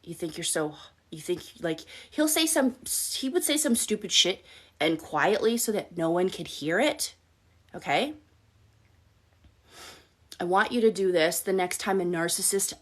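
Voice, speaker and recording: A woman's voice: mid-range voice, fairly bright tone. A woman life coach hosting a live-stream advice talk, speaking bluntly with casual swearing and often checking in with "okay?". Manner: blunt, profane, direct coaching tone; addresses listeners with frequent "okay?" check-ins.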